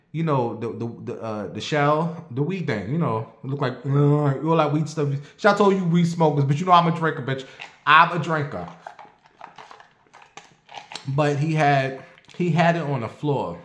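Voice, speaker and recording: A man telling a story in a casual monologue to his viewers, animated and profane, addressing them directly. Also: mid-range voice, echoey room.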